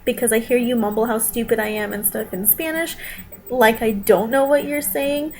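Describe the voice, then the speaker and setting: A woman's voice: fairly high pitch, steady tone, moderate pace, slight background noise, poor audio. A young woman vlogging from home, talking straight to her viewers in a defensive, emotional rant, close to tears at times. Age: young adult.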